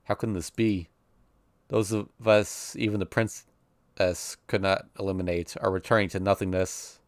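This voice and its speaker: A man voicing an ancient male vampire made of beasts, speaking slowly and gravely in bewilderment. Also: low-pitched, little pitch movement, dry recording. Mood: bewildered.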